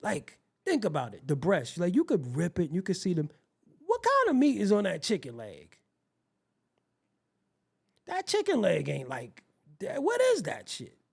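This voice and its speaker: A man with a gravelly, rough-edged voice rambles through a casual, profane story, his pitch swooping wildly up and down. He speaks at a measured pace and pauses often, like a show host talking straight to his viewers.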